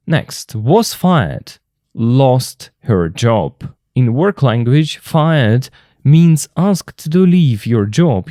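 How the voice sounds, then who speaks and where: A man whose first language is Russian, explaining an English textbook lesson slowly and carefully as a teacher. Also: medium pitch, mellow, no echo, clean studio sound.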